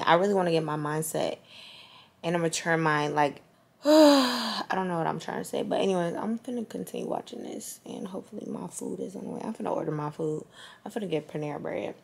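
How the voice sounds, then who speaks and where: A woman's voice: fairly low pitch, a little fast, creaky, reverberant. A young woman vlogging in casual, slangy chat, rambling with fillers and asides to her viewers. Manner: chatty and slangy, trailing off with fillers. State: tired and low-energy at first.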